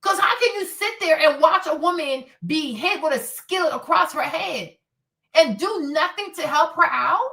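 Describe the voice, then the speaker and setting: Woman streamer, blunt and cursing, high bright voice, drifts off mic at times. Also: moderate pace, creaky, distant mic. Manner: blunt, profane and animated, acts out quotes. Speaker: streamer and commentator. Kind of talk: casual commentary rant.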